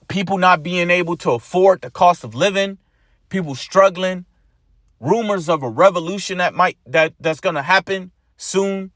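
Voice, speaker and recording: A man delivers an informal sermon in a high voice, pressing his points with profanity and repetition. He keeps tagging his phrases with "man". The sound is close and dry. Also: fairly bright tone, no echo. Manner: blunt and profane, repeats lines, ends phrases with "man". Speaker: preacher.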